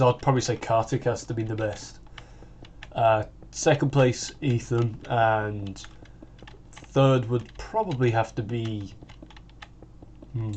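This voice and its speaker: Here's a British sixteen-year-old who hosts a gaming channel, chatting in a loose, rambling way while playing. His mid-range voice is a touch mellow, there's slight background noise, and he keeps restarting and saying "like."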